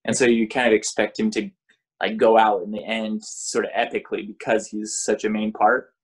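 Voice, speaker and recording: A man in casual book-club talk, easygoing and quick to react, with lots of fillers. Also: lowish voice, little pitch movement, husky. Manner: easygoing, short reactive replies, filler-heavy. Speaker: podcast co-host.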